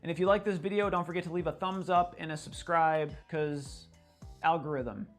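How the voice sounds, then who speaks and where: Young male art YouTuber doing his outro; relaxed, grateful, slightly high voice. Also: normal speed, soft background music. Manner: friendly, thankful, casual plugs. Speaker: art tutorial creator. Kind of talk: video outro with plugs.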